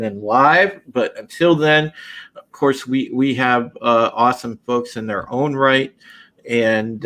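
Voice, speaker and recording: A man's voice: mid-range voice, a bit bright. A man hosting a podcast and running a casual live-stream panel intro, loose and chatty with many fillers and restarts. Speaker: podcast host.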